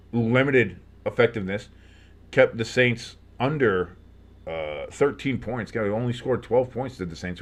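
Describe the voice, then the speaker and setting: A man calling football play-by-play with casual reactions, rambling through many fillers and rising sharply on big plays. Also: lowish voice. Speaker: sports fan commentator.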